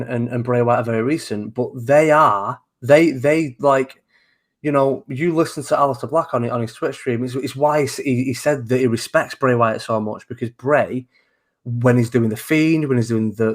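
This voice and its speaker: This is a man in casual chat on a talk show. He talks in an animated, rambling way, swears freely and keeps restarting his sentences. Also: medium pitch. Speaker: co-host of a wrestling talk show.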